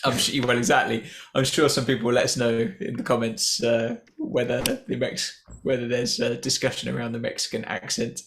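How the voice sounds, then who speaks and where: A man's voice: medium pitch, little pitch movement, moderate pace, few pauses, a bit bright, slight background noise. Guy cohosting a reaction chat, easygoing, chuckles a lot, mid voice. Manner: chatty, chuckling often, trails off and restarts. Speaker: co-host of a reaction show.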